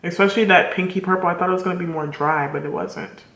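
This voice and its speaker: Woman, beauty vlogger, casual tutorial chat, enthusiastic, bright voice, roomy echo. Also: fairly low pitch, steady tone, fast. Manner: chatty and enthusiastic, addresses viewers directly. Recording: echoey room.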